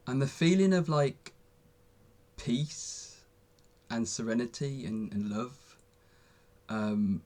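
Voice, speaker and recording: Husky-voiced young man musing on camera. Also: medium pitch. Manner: rambling, lots of fillers and restarts, laughs at himself. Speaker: vlogger. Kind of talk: casual reflective monologue.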